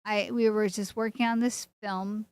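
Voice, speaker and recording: A woman's voice: mid-range voice, steady tone, moderate pace, clean tone, no room sound. A woman co-hosting an interview, talking enthusiastically and rambling through her points. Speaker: co-host. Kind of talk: casual interview chat.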